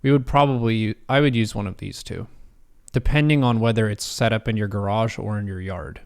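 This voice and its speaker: A man's voice: on the low side, brisk, a little mellow, clean tone. A man streaming live, reading quiz questions aloud and musing over each answer in a casual way. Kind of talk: casual livestream commentary.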